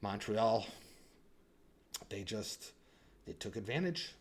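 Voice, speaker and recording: A young man hosting a hockey channel, giving casual sports commentary and teasing his viewers, swinging between loud hype and quiet asides. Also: on the low side, expressive, takes it slowly.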